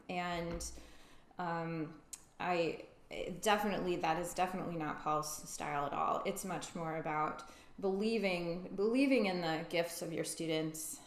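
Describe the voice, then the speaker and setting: A middle-aged woman musician in casual conversation, talking with many fillers and laughs. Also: on the low side. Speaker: violinist and interviewer. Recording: echoey room.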